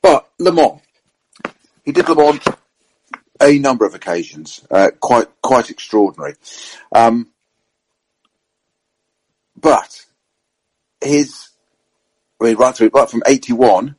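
Husky-voiced man telling racing stories. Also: medium pitch, slow pace, pauses often, low-quality recording. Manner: animated storyteller, many fillers and asides. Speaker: motorsport storyteller on a panel. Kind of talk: casual anecdotal chat. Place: at a racing circuit event.

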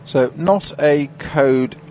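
A man's voice: a little high, drawn-out words, a little mellow, slight background noise. A man co-commentating on a race, telling a story with animation and easy laughter. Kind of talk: anecdotal chat.

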